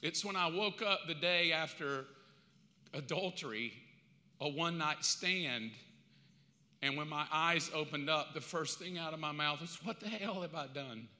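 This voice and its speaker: An older male pastor preaching in an animated, confessional way, his voice sitting high and sounding very bright. The sermon rings through an echoey church hall with a long tail of reverb. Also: measured pace.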